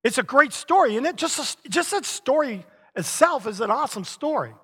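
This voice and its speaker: Animated man preaching in an echoing hall. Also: extremely high pitch, moderate pace, slightly rough. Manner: animated storytelling with chuckles. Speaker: pastor. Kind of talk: sermon. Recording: long reverb of a large hall.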